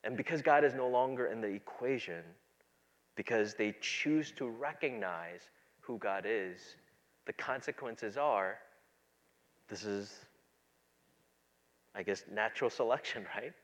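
A pastor preaching a sermon, moving between quiet, low asides and loud, emphatic passages. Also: male voice, a little slow, pauses often.

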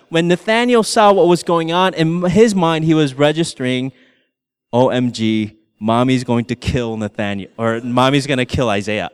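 A middle-aged man preaches a sermon, telling a family story with animated humor. His voice sits high and resonant. It rings out with a long reverb, as in a church hall. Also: smooth. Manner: storytelling, animated, laughing through anecdotes. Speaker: pastor.

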